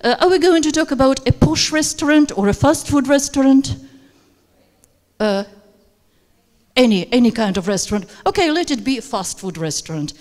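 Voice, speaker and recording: High-voiced woman running a teacher workshop. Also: big pitch swings, measured pace, pauses often, a little mellow. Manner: hesitant, many fillers, coaxing participants. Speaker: teacher trainer. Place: conference room with audience. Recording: reverberant hall recording.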